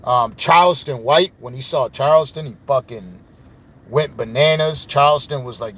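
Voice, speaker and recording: A man holds forth as a podcast host, telling his side of a story in a loose, wandering monologue. His speech is peppered with curses and he keeps checking in with the listener. His pitch sits in an ordinary middle range. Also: normal speed, a little hiss or hum. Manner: profane and rambling, with frequent "you know what I mean".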